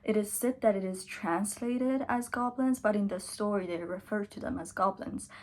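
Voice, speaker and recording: A woman's voice: mid-range voice, a little mellow. A tired young woman chatting casually in a book vlog, now and then dropping to a whisper. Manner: chatty, slow and drawn out, sometimes drops to a whisper. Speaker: book vlogger.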